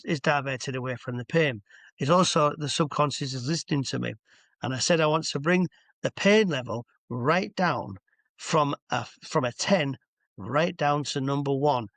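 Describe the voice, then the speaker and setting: A man's voice: medium pitch, a bit bright, no echo. A man, a hypnotherapist telling rambling stories on a video call from home. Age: 60s. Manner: chatty, rambling, stops to explain asides. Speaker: clinical hypnotherapist guest. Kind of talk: casual anecdotal storytelling. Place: at home with a dog nearby.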